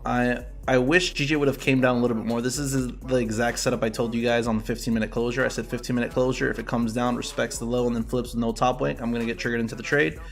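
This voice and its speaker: A man's voice: mid-range voice, level tone, quick pace, creaky, hardly any pauses. A young man casually hosting a live trading stream, chatting loosely with viewers, swearing often and breaking into laughter. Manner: loose, profane, bursts of laughter. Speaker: livestream trading host. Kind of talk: casual livestream chat with viewers.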